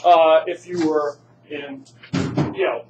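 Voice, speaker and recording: A man's voice: on the high side, level tone, takes it slowly, muffled recording, slight background noise. A man teaching a chemistry class, quizzing students and joking in asides. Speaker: high school chemistry teacher. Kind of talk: classroom lecture.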